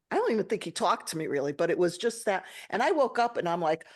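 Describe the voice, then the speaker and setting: A woman's voice: lowish voice, fast talker. A woman podcast host telling a personal story with feeling and acting out the dialogue. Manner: emotional, animated, acts out dialogue.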